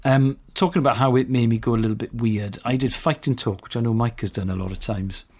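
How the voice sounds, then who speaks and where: A man's voice: mid-range voice, fairly even intonation, fast talker, darkish tone. A man co-hosting a podcast, telling stories in a casual, enthusiastic way and laughing often. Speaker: podcast co-host. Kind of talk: casual chat.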